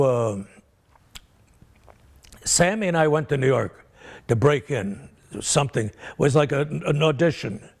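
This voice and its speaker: An older comedian in an interview tells rambling anecdotes about his career, acting out the people in them. His voice is fairly high in pitch and creaky.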